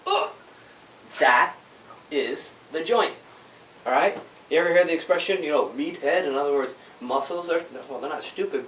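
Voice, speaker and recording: A man's voice: on the high side, a little hiss or hum. A male chiropractor giving an informal health workshop to a small audience in an office, talking conversationally and checking in with "right?" often. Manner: animated storytelling with sound effects. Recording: echoey room, mic at a distance.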